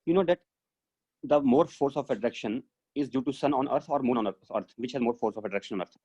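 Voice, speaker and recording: Fast-talking teacher. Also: male voice, mid-range voice, warm tone, husky, lo-fi sound. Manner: explanatory, thinks aloud with many fillers. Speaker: physics teacher. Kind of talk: live online class lecture. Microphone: video call.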